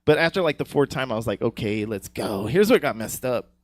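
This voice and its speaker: A man's voice: medium pitch, lively intonation, quick pace, no room sound. A man doing a live stand-up set on a comedy stage, crude and rambling, laughing at his own jokes and often asking "you know what I'm saying".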